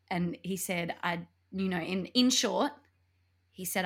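A young adult woman, co-hosting a podcast and telling a breakup story in casual chat, animated and laughing often. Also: medium pitch, moderate pace, breathy edge. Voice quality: animated, laughs often, acts out quoted voices. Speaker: podcast co-host.

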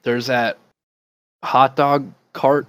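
A man's voice: mid-range voice, flat delivery, drawn-out words, a bit bright, clear, resonant tone, no echo, poor audio. Laid-back swearing podcast guy. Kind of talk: casual chat.

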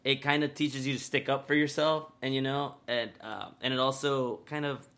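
A man's voice: medium pitch, fairly even intonation, normal speed, a bit bright. Rambling, laughing podcast guy. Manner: rambling, laughs often, swears casually. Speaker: podcast co-host. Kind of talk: casual storytelling chat.

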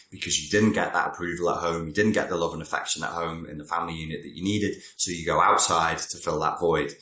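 With a bass voice that is bright and forceful, a therapist chats to camera about personality traits in a reverberant space. He wanders off on digressions and adds wry asides throughout the explainer.

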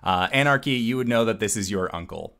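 A man narrating a tabletop game as game master, halting often with filler sounds. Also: lowish voice, expressive, creaky, fairly bright tone.

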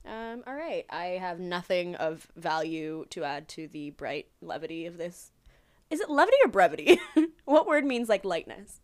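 A woman's voice: fairly low pitch, very animated, moderate pace, darkish tone. A young woman co-hosting a podcast, chatting wryly, laughing often and swearing casually. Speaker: podcast co-host. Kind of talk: casual chat.

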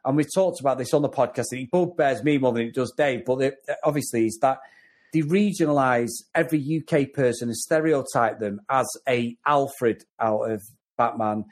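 A man's voice: medium pitch, normal speed, darkish tone. A man with a Mancunian accent from the north of England, co-hosting a casual film review podcast and talking in long, rambling runs with repeated words. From North West England. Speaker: podcast co-host.

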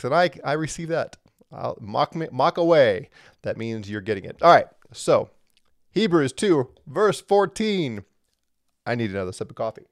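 A man teaching a livestreamed Bible lesson in a conversational, animated way, with frequent fillers and emphatic stresses. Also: lowish voice, normal speed, no echo, clean studio sound.

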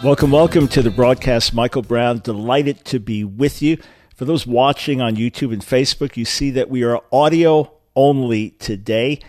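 A man's voice: medium pitch, moderate pace, darkish tone, no room sound, faint music behind. Male call-in radio host, punchy emphatic delivery, dry close sound. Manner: emphatic, rising to stress key words. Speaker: radio talk show host. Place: remote location.

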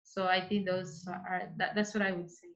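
A woman's voice: fairly low pitch, flat delivery, moderate pace. A woman interior designer giving career advice in a casual interview, earnest and repeating herself as she searches for words. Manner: earnest, speaks in restarts and repeats. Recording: slightly dull lo-fi sound.

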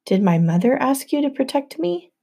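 A woman's voice: sits high, big pitch swings, moderate pace, vocal fry, dark tone, husky, pitched above the performer's own voice, exaggerated voice. Woman playing a shaken, insistent teenage boy. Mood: demanding. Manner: insistent, urgent questions.

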